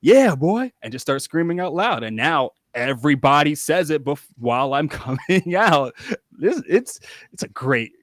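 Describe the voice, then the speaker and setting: A man's voice: fairly high pitch, animated, normal speed, fairly bright tone, no room sound, clean studio sound. A young man, a wrestler guest on a podcast, telling rambling, casual stories full of restarts and acted-out quotes. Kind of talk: casual storytelling.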